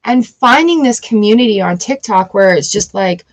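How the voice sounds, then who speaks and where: A woman in her forties chatting casually on a tarot livestream, emotional and quick to laugh. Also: medium pitch, animated, low-quality recording. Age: 40s. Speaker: tarot reader.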